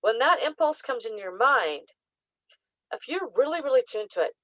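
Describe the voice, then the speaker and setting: A woman psychic coach talking casually to camera, teaching with lots of "like" and "um" and lively acted-out asides. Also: fairly high pitch, normal speed, no room sound, low-quality recording.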